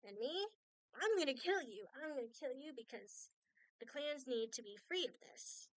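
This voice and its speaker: A woman's voice: sits high, lively intonation, normal speed, no echo, rough recording. Saint, a sweet-talking warrior cat, as a woman puts him on. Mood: fake kindness. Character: scheming male warrior cat leader, falsely friendly.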